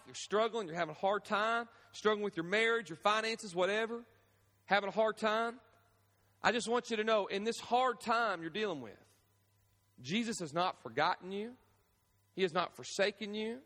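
A man's voice: high-pitched, fairly bright tone. A man preaching a sermon, telling the story with animation and briefly acting out the voices of the people in it. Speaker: pastor. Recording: echoey hall with long reverb.

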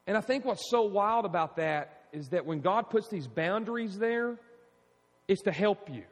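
Man preaching, animated call-and-response sermon, church hall reverb. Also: high-pitched, moderate pace. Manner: animated, preaching with rising emphasis and audience call-outs. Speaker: pastor. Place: church sanctuary. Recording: long reverb in a large hall.

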